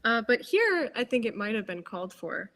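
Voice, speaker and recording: Measured woman analyzing a live game. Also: fairly high pitch, sing-song, bright, forceful tone. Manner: measured, analytical, with hesitant fillers. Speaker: tournament commentator.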